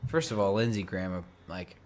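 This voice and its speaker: A young man hosting a podcast, chatting casually, animated and swearing, often mocking people. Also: low voice. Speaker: podcast host. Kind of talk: casual chat.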